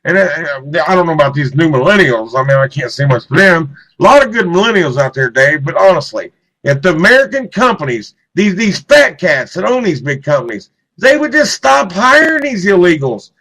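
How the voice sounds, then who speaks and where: A man's voice: a little high, sing-song, normal speed, sharp tone, low-quality recording. A man co-hosting live political talk radio, heated and repetitive, often turning to his co-host by name. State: clearing throat, choked up.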